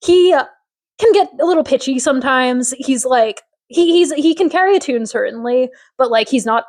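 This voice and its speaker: Chatty higher-voiced woman podcast host. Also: expressive, moderate pace, darkish tone. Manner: opinionated, rambling, lots of fillers. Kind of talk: casual chat recapping a TV episode.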